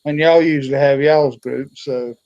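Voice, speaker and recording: A man's voice: medium pitch, steady tone, normal speed, a little mellow. A man in a casual chat, stopping and repeating himself as he talks. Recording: dull, lo-fi mic.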